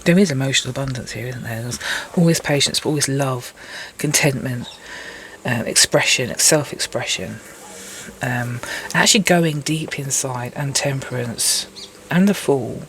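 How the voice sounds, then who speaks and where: A woman's voice: very deep voice, moderate pace, fairly bright tone, slight background noise. A woman giving a casual tarot reading, chatty and rambling, with self-mocking asides. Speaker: tarot reader. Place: indoors at a table with cards.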